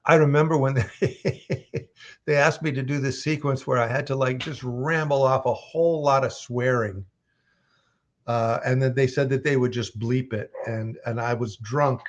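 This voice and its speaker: A man's voice: medium pitch, a little hiss or hum. A man voice actor chatting casually, reading fan questions aloud and telling stories with frequent chuckles. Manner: chuckly, storytelling, reads chat aloud. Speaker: voice actor at a live signing.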